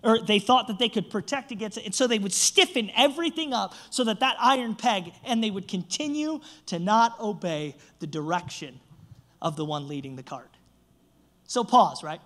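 A man's voice: high voice, animated, moderate pace, fairly bright tone. A young man, a church pastor, preaching a sermon and telling a self-mocking funny story.

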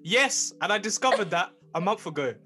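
A man's voice: sits high, lively intonation, normal speed, bright, forceful tone, soft background music. A young man in his late teens co-hosting a casual podcast, joking and slangy, laughing often. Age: young adult. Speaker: podcast co-host. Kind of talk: casual chat.

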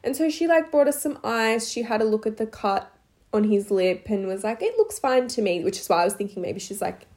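A woman's voice: mid-range voice, fairly even intonation, brisk, a little mellow. Chatty young woman telling stories. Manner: rambling storyteller, many "like"s, frequent giggles. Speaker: podcast co-host. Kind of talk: casual chat.

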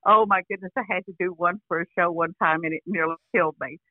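An older actress chatting casually as an interview guest over a phone line, rambling with restarts and frequent "you know". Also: female voice, lowish voice, fairly even intonation, quick pace, no echo. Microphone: phone call.

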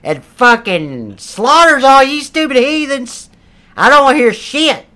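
A man voicing a crude, loud redneck churchgoer who rants and curses, with a put-on drawl. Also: extremely high pitch, sing-song, a little slow, exaggerated voice. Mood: preachy ranting. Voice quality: brash, profane, rambling. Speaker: comedic character. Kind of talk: improvised comedy role-play.

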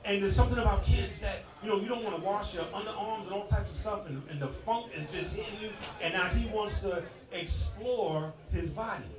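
A middle-aged man performing a stand-up comedy set, punchy and loud, teasing the audience. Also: sits high, fairly quick, hardly any pauses. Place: stage in a club with a live audience. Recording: echoey club, distant mic, crowd noise. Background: audience laughing and clapping.

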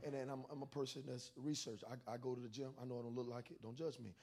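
A male pastor preaching a sermon with comic stories, animated, with stammering restarts that build into shouts. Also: medium pitch, fast.

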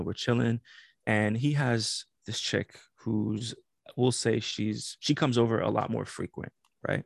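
A man telling a story in casual podcast chat, animated and laughing, acting out the quotes. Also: lowish voice, normal speed, vocal fry, no echo, studio quality.

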